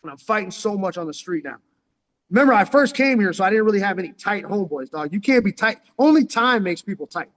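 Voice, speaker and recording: A San Diego, California man with a high-sitting, fairly bright voice talks fast and animatedly. As a vlogger recounting life stories, he rambles through street tales into his phone in profane slang, constantly calling the listener "dog." A long hall reverb trails his words.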